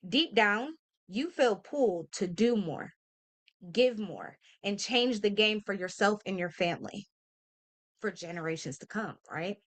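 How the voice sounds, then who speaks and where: A woman's voice: medium pitch, unhurried. Earnest woman in her thirties, motivational vlog. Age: 30s. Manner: earnest, emphatic, addresses listeners directly with "y'all" and "okay?"; casual speech with slang and fillers. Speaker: motivational vlogger. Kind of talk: heartfelt motivational talk to camera.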